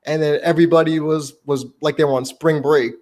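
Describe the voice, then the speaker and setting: A young man hosting a podcast, giving blunt opinions with a dramatic edge. His voice is fairly high for a man. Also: fairly even intonation, a little fast, darkish tone. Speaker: podcast host. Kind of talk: casual chat.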